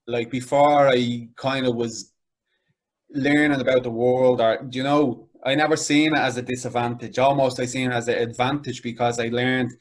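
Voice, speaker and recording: A man's voice: mid-range voice, steady tone, normal speed. A young man with a Dublin inner-city accent, talking casually as an interview guest with many fillers like "like" and "you know". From Ireland.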